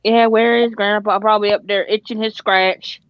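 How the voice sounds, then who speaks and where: A woman co-hosting a livestream, joking and deadpan teasing. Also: mid-range voice, moderate pace, smooth, no echo, dull audio. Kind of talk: casual livestream chat.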